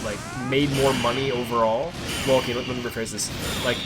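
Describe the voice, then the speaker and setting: Rambling young man streaming a game. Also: mid-range voice. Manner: rambling, filler-heavy, self-correcting. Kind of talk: casual gameplay commentary.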